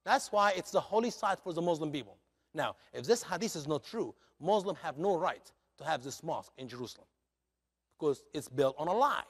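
Animated, high-voiced male preacher. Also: a little fast, husky. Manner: dramatic, expressive, non-native grammar. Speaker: guest speaker. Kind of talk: animated sermon storytelling. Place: church. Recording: long church reverb.

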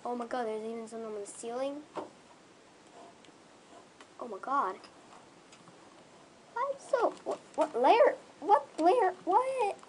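A young gamer talks through their play in a high voice that leaps all over the place, gushing and squealing with excitement. The delivery is slow and drawn out. Faint noise sits under the voice. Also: rough recording. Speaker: gaming video creator. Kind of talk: excited game commentary.

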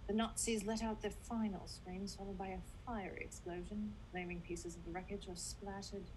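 A woman doing a hushed, sinister impression of a menacing cannibal psychiatrist while reading stage directions at a comedic table read over a video call. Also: flat delivery, normal speed, a little hiss or hum, close to an everyday voice, poor audio. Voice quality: low hushed whisper.

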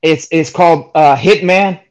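A man's voice: fairly high pitch, unhurried. A man co-hosting a casual chat, rambling and swearing with many restarts. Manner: rambling and profane, lots of restarts. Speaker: co-host.

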